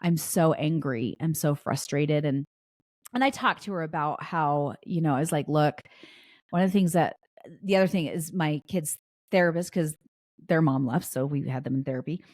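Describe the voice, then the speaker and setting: Low-voiced woman telling a story. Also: normal speed, a little mellow, dry recording, studio quality. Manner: chatty, with frequent restarts and fillers. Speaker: podcast host. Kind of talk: casual storytelling.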